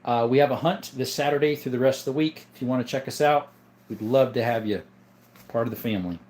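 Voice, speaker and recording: A man's voice: mid-range voice, fast talker, darkish tone. A man hosting a casual livestream, chatting loosely, joking and reading chat messages aloud. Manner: rambling, jokey, reads chat aloud. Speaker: livestream host.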